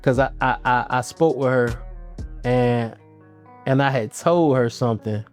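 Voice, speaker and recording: A man hosting his own channel talks casually to camera in a mid-range voice at a measured pace. His speech is rambling and loose with slang, restarting often, while faint guitar music plays behind him.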